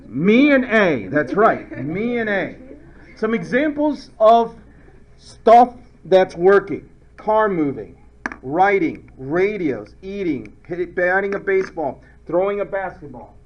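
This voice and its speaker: Lively, playful male chemistry teacher. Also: high voice, takes it slowly, lo-fi sound. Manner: playful, joking, acts out little skits. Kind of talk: recorded classroom lecture.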